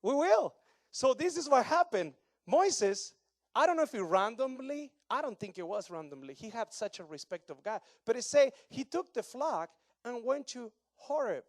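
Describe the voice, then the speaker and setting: A man in his thirties from Argentina, preaching a sermon with an Argentine Spanish accent in broken English, animated and joking with the congregation. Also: extremely high pitch, normal speed, dry recording, studio quality. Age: 30s. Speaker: pastor.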